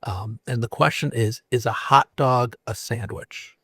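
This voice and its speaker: A man hosting a podcast interview, chatting casually with playful laughs and halting restarts. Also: mid-range voice, fairly bright tone, breathy edge, no echo, studio quality. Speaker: podcast host.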